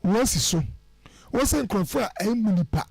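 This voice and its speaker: A man speaking as a guest on a radio show, giving lively, preachy advice on how to order your life and mixing English phrases into his speech. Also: high voice, normal speed, gravelly, husky, no room sound. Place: radio studio.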